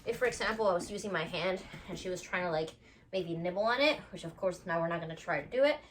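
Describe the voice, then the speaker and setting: A woman's voice: on the low side, fast, slight background noise. A woman dog trainer explaining play training to viewers at home, talking to her puppy in between. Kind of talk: casual instructional video.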